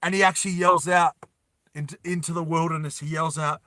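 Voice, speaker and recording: A man narrating a story dramatically, repeating lines and dropping soft for emotional moments. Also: fairly high pitch, fairly even intonation, fairly quick, no echo, studio quality.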